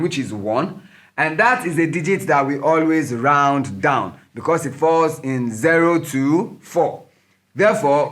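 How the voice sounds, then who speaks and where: A man's voice: a little high, a bit bright. A man teaching a step-by-step maths tutorial, patient and methodical, counting digits aloud as he works.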